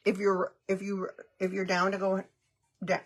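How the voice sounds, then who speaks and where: A woman's voice: mid-range voice, completely flat delivery, unhurried. A middle-aged woman chatting casually on a makeup livestream, giggling, greeting viewers by name and mixing Spanish phrases into her English. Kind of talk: casual live-stream chat.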